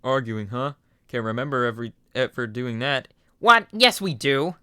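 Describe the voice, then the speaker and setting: A young man voicing a loud, boastful and cheerful skeleton in a fan reading, with a shouty, theatrical delivery. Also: mid-range voice, animated, normal speed, smooth, no echo, clean studio sound. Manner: shouty, theatrical, self-assured. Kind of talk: fan voice reading of a game character.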